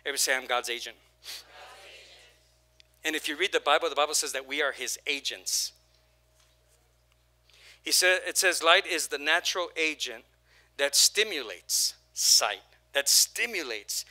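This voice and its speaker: A man preaching a sermon as pastor, energetic, with repeated phrases and call-and-response, his voice prone to going hoarse. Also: a little high, moderate pace, pauses often.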